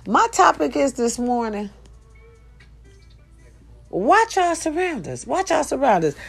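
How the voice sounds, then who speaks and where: A woman's voice: a little high, vocal fry. A woman with her early morning voice, hosting a casual morning talk for her followers and preaching bluntly with profanity and call-and-response phrases. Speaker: morning show host.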